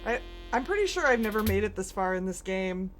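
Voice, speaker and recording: A woman's voice: mid-range voice, big pitch swings, soft background music. Woman streamer goofing around while playing an old game, chatty and giggly. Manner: giggly and playful, quick asides. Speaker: livestreamer. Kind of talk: casual game commentary.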